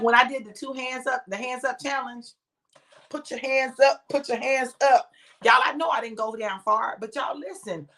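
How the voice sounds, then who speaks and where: A woman's voice: mid-range voice, pushed and bright. A woman in her fifties hosting a casual morning livestream for her viewers. She is chatty, playful and encouraging, and she laughs often. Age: 50s.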